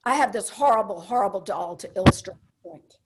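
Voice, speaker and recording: A woman's voice: mid-range voice, heavy background noise. An older woman performing a comedic solo stage monologue, wry and confiding, with punchy asides.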